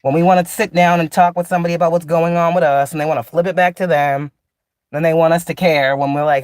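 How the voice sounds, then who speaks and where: A woman's voice: deep voice, steady tone, fast, a little mellow, no room sound, clean studio sound. A woman spiritual teacher in a casual, blunt, profane monologue, laughing often and drawing out sarcastic asides.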